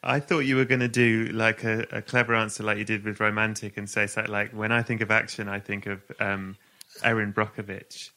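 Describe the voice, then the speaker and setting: A man hosting a casual podcast interview, asking questions and teasing his guest with quick jokes. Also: on the low side, flat delivery, bright, forceful tone. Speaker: podcast host.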